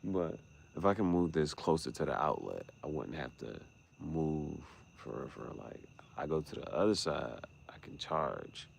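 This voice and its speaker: A man vlogging late at night, thinking out loud and trailing off into mutters and restarts. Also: very deep voice, lively intonation, measured pace, creaky, slightly rough. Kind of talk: late-night rambling vlog.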